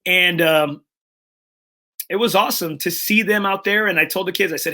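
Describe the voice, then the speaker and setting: A man hosts a casual podcast in a high, bright voice. He talks earnestly and emotionally, often restarting his sentences and leaning on fillers. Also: moderate pace, pauses often. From Texas. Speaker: podcast host.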